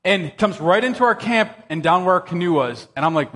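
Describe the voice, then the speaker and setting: High, lively preacher in a big hall. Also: male voice, brisk. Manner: animated, excitable storyteller who jumps to high exclamations. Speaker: pastor. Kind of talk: sermon with personal storytelling. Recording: long reverb of a church hall.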